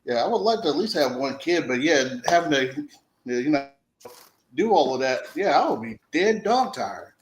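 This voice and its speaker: Animated man over a noisy call. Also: a little high, normal speed. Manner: animated storyteller, acts out others' lines. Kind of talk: casual group chat.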